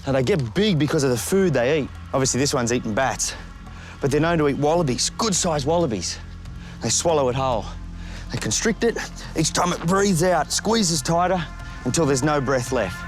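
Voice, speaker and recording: Lively Australian man presenting wildlife outdoors. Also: on the high side, moderate pace, faint music behind. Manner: lively, chatty, talks directly to the snake. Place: outdoors in the bush and by a road.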